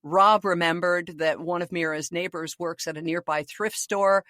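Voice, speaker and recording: A woman's voice: on the low side, moderate pace, no echo, clean studio sound. A woman in her sixties, a podcast co-host, telling a story in casual chat and acting out the voices of the people in it. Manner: animated storyteller, acts out voices.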